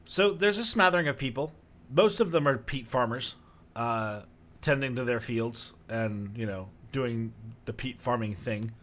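A man's voice: mid-range voice, unhurried. Man, game master, narrating a tabletop game, laid-back, rambling with fillers. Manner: relaxed, rambling descriptions with fillers.

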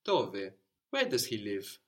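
A man's voice: fairly low pitch, huge pitch swings, slow pace. Male tutor, patient and encouraging, guides a learner through drills. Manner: patient, encouraging, spells words out. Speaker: language teacher. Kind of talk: guided language lesson.

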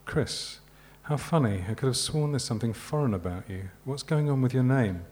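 A man reading the lines of a guarded, weary young woman suspect in a novel, cool and evasive, slightly higher than his own voice. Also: animated, normal speed, a little mellow, natural voice. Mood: curious.

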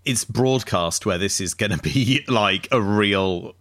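A man's voice: fairly low pitch, takes it slowly, fairly bright tone. A man co-hosting a podcast, reacting with slangy, easily amused remarks. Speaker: podcast co-host. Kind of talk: casual tech chat.

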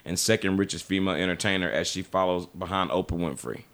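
A man's voice: low voice, steady tone, fast, a bit bright. A man hosting a podcast in casual chat, loose and stumbling over his words as he reads the segments. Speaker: podcast host.

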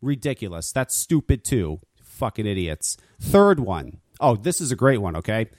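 A man's voice: fairly low pitch, big pitch swings, moderate pace, darkish tone, dry recording, clean studio sound. A man hosting a talk radio show, ranting casually with lots of swearing and stammered restarts. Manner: profane, stammering rants.

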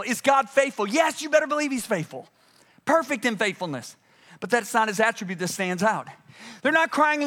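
Emphatic high-voiced male preacher. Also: expressive, moderate pace. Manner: emphatic, swings from loud urgent peaks to hushed low passages. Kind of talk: sermon.

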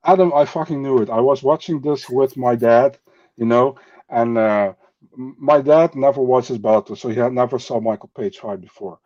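A man's voice: medium pitch, normal speed, mellow, no room sound, highs cut off. A man from the Netherlands, a native Dutch speaker, talking bluntly as a podcast guest in casual chat, with non-native phrasing and swearing.

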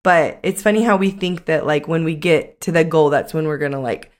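Chatty woman coach, lower voice. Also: a little fast. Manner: chatty, uses many "like" fillers. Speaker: podcast co-host and coach. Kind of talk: casual chat.

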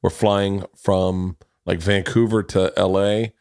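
A man with a low voice hosts a podcast in casual chat. He tells self-deprecating stories, often restarting his sentences and swearing freely. The sound is dry and close. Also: level tone, takes it slowly, a little mellow, no echo. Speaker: podcast host.

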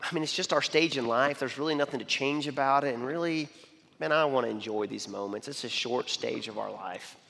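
Animated man speaking in an echoing hall. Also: medium pitch, brisk, vocal fry. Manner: animated, repeats "okay?" and "I mean", frequent restarts. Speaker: speaker giving a talk. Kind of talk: sermon-style talk with personal stories.

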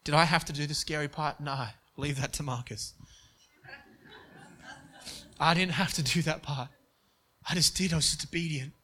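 A man's voice: a little high, sharp tone. Earnest man telling a sermon story. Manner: earnest storytelling with frequent restarts. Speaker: preacher.

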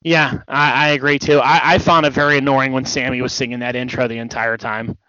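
A man's voice: mid-range voice, flat delivery, brisk, sharp tone, dry recording. Rambling man in casual wrestling chat. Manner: rambling, hesitant with many restarts. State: yawning, tired. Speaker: podcast co-host. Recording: dull dry podcast audio.

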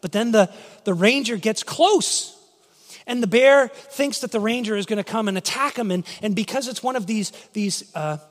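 A man preaching a sermon, telling stories in an animated way and acting out the voices in quotes. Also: high voice, moderate pace. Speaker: pastor. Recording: long hall reverb.

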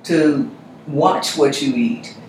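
A man, a reverend, talking through faith and health in a measured, reflective way. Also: fairly high pitch. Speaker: reverend, guest. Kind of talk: conversational discussion. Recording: very echoey room, faint noise.

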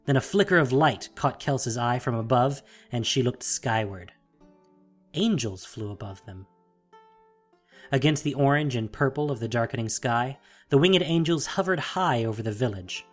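A narrator reading a fantasy audiobook in a steady, dramatic storytelling manner. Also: medium pitch, normal speed, soft background music.

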